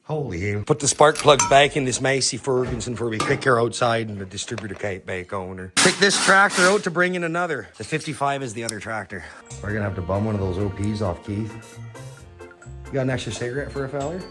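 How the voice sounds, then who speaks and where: A man's voice: mid-range voice, expressive, quick pace, over music. Rowdy swearing man. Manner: swears a lot, rowdy joking banter. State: tired. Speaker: vlogger and mechanic. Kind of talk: casual vlog chat.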